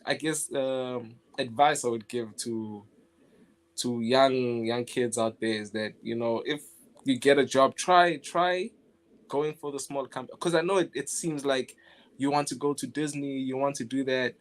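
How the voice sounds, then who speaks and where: Relaxed young man telling his story. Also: mid-range voice, unhurried. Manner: relaxed, laughs often, restarts phrases. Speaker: guest animator. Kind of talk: casual interview storytelling.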